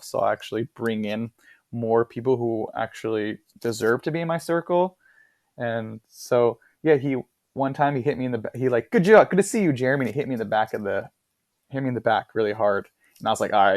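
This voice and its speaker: A young man guest candidly recounting personal experiences in an interview, halting and repeating himself as he talks. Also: on the low side, a little mellow, no echo, clean studio sound.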